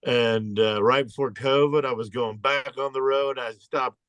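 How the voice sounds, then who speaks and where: Laid-back comedian on a dry call. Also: male voice, mid-range voice, fairly even intonation, measured pace, fairly bright tone, no room sound. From Louisville, Kentucky. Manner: laid-back storyteller, rambling. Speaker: stand-up comedian, guest. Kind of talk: casual chat over a video call. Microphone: video call.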